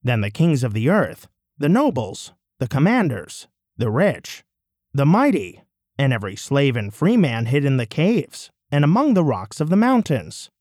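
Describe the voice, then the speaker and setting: A man giving a measured, solemn, declamatory scripture reading. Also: mid-range voice, sing-song, darkish tone, no room sound, studio quality. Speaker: scripture reader.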